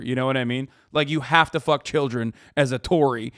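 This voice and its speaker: A man's voice: medium pitch, fairly even intonation, a little fast, few pauses, a bit bright, no echo, studio quality. A man reacting to a video as a streamer, ranting casually and profanely with lots of fillers. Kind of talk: casual commentary.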